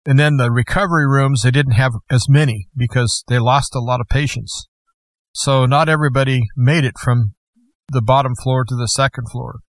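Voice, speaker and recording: A man's voice: medium pitch, fairly even intonation, moderate pace, no room sound. A middle-aged man, a guest host, telling a personal testimony in a plainspoken, conversational way with folksy asides.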